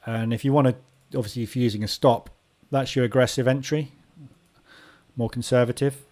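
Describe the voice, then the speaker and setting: A man's voice: mid-range voice, fairly even intonation, a little fast, warm tone. A man hosting a live trading room, giving casual market commentary and thinking aloud as he watches the charts.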